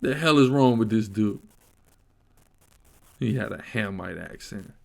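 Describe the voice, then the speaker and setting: A man's voice: on the low side, lively intonation, unhurried, gravelly, a little mellow. A man co-hosting a livestream Bible class who talks in street slang, laughs often, and answers viewer comments with insults. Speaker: co-host reading viewer comments.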